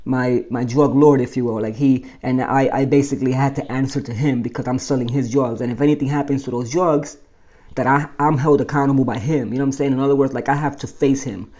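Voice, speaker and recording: A man's voice: mid-range voice, fairly even intonation, a little fast, a little mellow, muffled recording. A man telling his own life story in a rambling monologue, often restarting and correcting himself.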